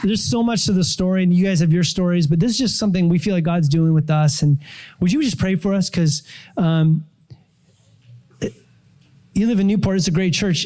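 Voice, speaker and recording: A middle-aged male pastor giving a sermon testimony, telling his story with animated storytelling and acting out his own prayers and surprise. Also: sits high, a little fast.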